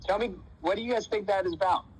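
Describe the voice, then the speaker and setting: High-voiced coach telling a story to his team. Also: quick pace, slight background noise, rough recording. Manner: folksy, uses dude and man, voices characters casually. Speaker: wrestling coach. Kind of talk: motivational storytelling talk.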